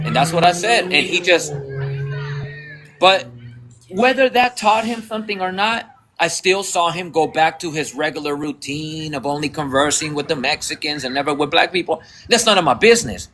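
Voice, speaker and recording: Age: adult. Sex: man. Role: podcast host. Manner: blunt storyteller, slightly high voice. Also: faint music behind. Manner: animated retelling with quick Spanish asides; blunt, lecturing tone. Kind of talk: casual storytelling on a livestream.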